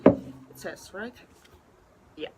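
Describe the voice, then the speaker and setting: Woman vlogger, slow and high-voiced, gasping and gushing, noisy home recording. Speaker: vlogger unboxing an album. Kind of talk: excited unboxing vlog.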